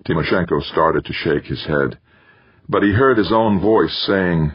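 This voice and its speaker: A man narrating a novel as an audiobook in a measured, steady reading style. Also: sits low, breathy edge, dry recording. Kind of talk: scripted narration. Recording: dry, slightly dull audio.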